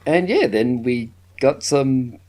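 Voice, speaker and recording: A man's voice: medium pitch, slow pace. A man co-hosting a podcast, chatting casually about a film, acting out lines with lots of laughter. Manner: animated, acts out lines from the film in put-on voices and laughs often. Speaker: podcast co-host. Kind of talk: casual film review chat.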